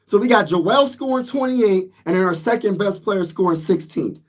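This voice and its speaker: A man's voice: high voice, expressive, normal speed. Man sports vlogger, exasperated rant. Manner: venting, exasperated, repeats himself.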